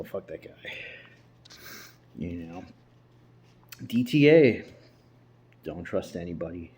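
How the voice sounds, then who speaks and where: A man with a low, slightly mellow voice vlogs from an emptied-out house, rambling loosely, swearing freely, and restarting sentences. There's a little hiss or hum on the recording.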